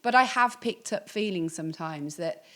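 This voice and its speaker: A woman's voice: on the low side, animated, moderate pace, sharp tone. A woman with a Birmingham accent who hosts a podcast and asks questions in a candid, reflective way with hesitant restarts. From Birmingham, England. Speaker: podcast host. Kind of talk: conversational interview.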